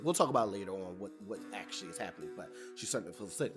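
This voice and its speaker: A man's voice: fairly low pitch, fast, few pauses, over music. A man casually recapping a TV episode, retelling scenes in a loose, chatty way and voicing characters' lines as he goes. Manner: loose, chatty retelling with fillers and acted-out quotes. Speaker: TV recap reviewer.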